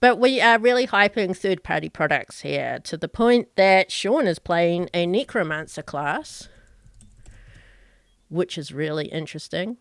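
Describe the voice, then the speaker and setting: Smooth-voiced woman hosting a game stream. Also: on the low side, lively intonation, dry recording, studio quality. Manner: bubbly, quick to laugh, playfully bossy. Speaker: game master and streamer host. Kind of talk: casual stream chat, introducing players. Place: online voice call.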